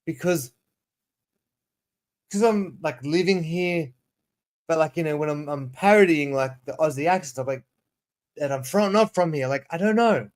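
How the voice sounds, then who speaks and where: Rambling man, higher voice. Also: normal speed, pauses often. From South Africa. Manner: rambling, restarts sentences, reads prompts aloud. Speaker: ESL teacher and streamer. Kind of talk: casual livestream chat.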